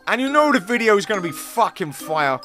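A reaction video host giving hyper, rambling commentary, swearing constantly and bubbling with excitement. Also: medium pitch, brisk, soft background music.

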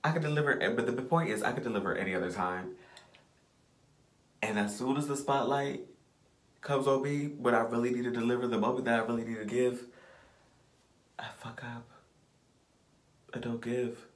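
A young vlogger with a mid-range voice rants to himself a little fast in a casual vlog, the sound roomy. He's blunt and profane, repeating phrases as he pushes himself on.

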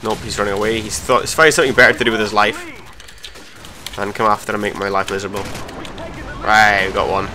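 Excitable lad commenting on gameplay. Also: male voice, fairly low pitch, quick pace, long pauses, a little hiss or hum. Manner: swearing, self-mocking, excitable outbursts. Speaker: gaming commentator.

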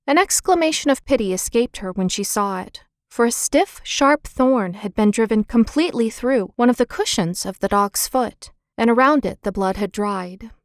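A woman narrating a children's book in a clear, expressive storytelling manner. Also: a little high, normal speed, no echo, clean studio sound. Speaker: audiobook narrator.

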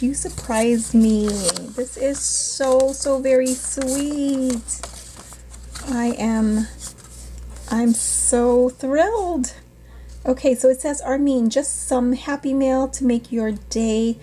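A woman in a casual unboxing vlog, gushing and excitable, often exclaiming with delight. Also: a little high, a little hiss or hum. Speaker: vlogger.

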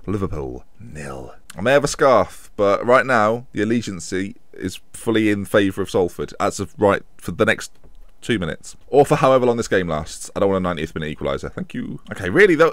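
A young man commentating his own football management game, jokey and self-mocking, swinging between excitement and muttered asides. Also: medium pitch, dry recording, clean studio sound. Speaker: gaming commentator. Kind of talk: casual gameplay commentary.

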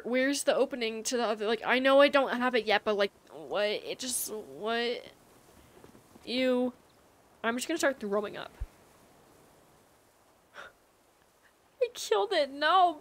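A woman livestreamer talks casually to her chat while she plays, wandering from thought to thought. Her voice sits a little high, and her speech is loose and rambling, full of likes and ums. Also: a bit bright, dry recording.

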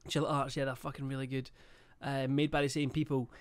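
A man's voice: medium pitch, little pitch movement, a little fast, smooth. A young man livestreaming a game, chatting casually, swearing a lot and reading out chat and subscriber messages. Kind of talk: casual live-stream chat.

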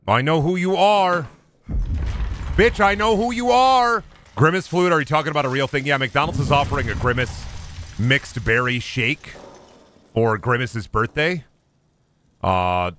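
A young man streaming a horror game live, excitable and foul-mouthed, yelping and taunting the game as he plays. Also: medium pitch. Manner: excitable, swears often, yelps and taunts the game. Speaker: gaming streamer. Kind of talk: live gameplay commentary.

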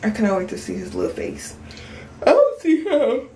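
A woman's voice: fairly high pitch, huge pitch swings, normal speed, vocal fry, dark tone, a little hiss or hum, poor audio. A woman in her twenties, a young mom, chatting casually to her viewers in a vlog just after waking up, sleepy, with speech. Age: 20s. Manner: chatty, candid, talks straight to viewers. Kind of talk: casual vlog chat to camera.

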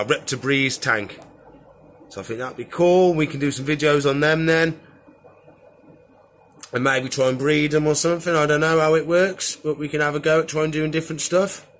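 A man talks casually as he shows off his animals and the tanks he builds, rambling from one thing to the next with plenty of easygoing fillers. His voice sits at an ordinary middle pitch, and a faint hum of background noise runs under it. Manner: rambling, relaxed, many "so yeah" fillers. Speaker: exotic pet keeper and vlogger. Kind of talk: casual chat while showing animals.

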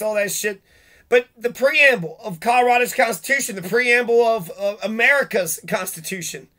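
A man's voice: very high voice, sharp tone. A man venting in a profane, sarcastic, rambling monologue, swearing often and mocking the people he is angry at. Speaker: vlogger.

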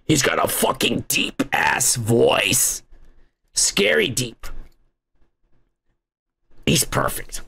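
A man's voice: medium pitch, big pitch swings, slow pace, gravelly, sharp tone, breathy edge. A young American man hosting a podcast in a rambling, profane comedic rant. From United States. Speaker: podcast host.

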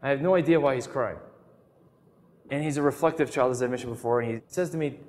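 A man's voice: medium pitch, fast, a little mellow, big-room sound. A middle-aged man giving an earnest, emphatic talk on prayer, telling stories as he teaches. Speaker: Catholic speaker. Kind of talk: sermon-style teaching talk.

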